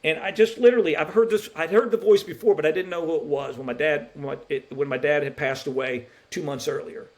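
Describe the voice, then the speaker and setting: A man's voice: a little high, fairly even intonation, fast, hardly any pauses. A middle-aged man, a basketball referee, telling his personal faith story on a podcast in an earnest, emotional way, restarting often. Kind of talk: personal testimony in a podcast interview.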